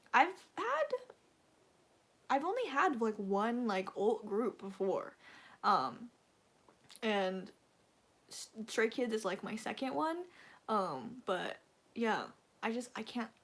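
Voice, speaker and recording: A woman's voice: on the high side, fairly bright tone. A young woman chatting on a casual fan livestream, rambling and gushing with lots of fillers, emotional and close to tears.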